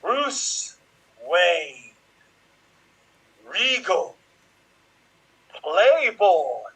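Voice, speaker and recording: Brooding masked vigilante as a man plays him, slow, husky, dramatic. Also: on the high side, exaggerated voice, rough recording. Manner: loud dramatic pronouncements. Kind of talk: improv game performance.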